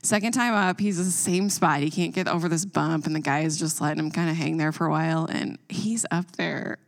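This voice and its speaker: A woman in her thirties telling a funny parenting story in casual chat, lively and expressive. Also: fairly quick. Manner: animated storyteller, quotes herself with higher voice. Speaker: parent and co-host.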